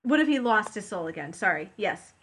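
A woman's voice: mid-range voice, very animated, a little fast, fairly bright tone, breathy edge. A woman co-hosting a podcast in casual chat, chatty and rambling with many fillers. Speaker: podcast co-host.

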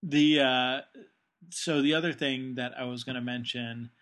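A man co-hosting a podcast talks casually and hesitantly. He pauses often and fills the gaps with fillers. His voice has a bright, forceful tone. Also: mid-range voice, fairly even intonation. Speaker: podcast co-host. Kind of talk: casual chat.

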